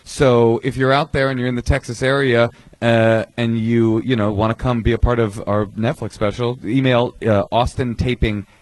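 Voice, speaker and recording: A man's voice: medium pitch, little pitch movement, no room sound. A male stand-up comedian guest, bantering and roasting on a live show. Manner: joking, quick to roast. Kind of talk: casual banter on stage.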